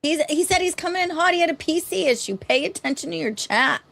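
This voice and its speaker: A woman co-hosting a casual chat, teasing and jumping in with quick remarks and reading out comments. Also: extremely high pitch, expressive, gravelly, fairly bright tone.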